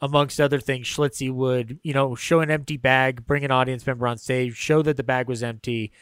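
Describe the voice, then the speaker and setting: A man's voice: medium pitch, level tone, a little fast, fairly bright tone, clear, resonant tone, dry recording. Chatty man on a dry mic. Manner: chatty, digressive, swears freely. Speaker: podcast co-host. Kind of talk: casual film discussion.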